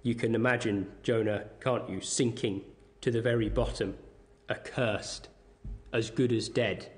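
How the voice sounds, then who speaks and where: A man with a lowish voice and steady tone preaches a sermon, reading scripture aloud and explaining it in a measured, deliberate way.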